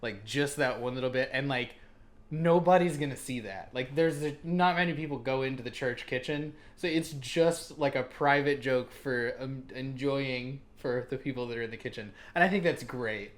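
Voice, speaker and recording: A man's voice: mid-range voice, normal speed. A man co-hosting a casual podcast, rambling through stories, laughing and swearing freely. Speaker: podcast co-host. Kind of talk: casual chat.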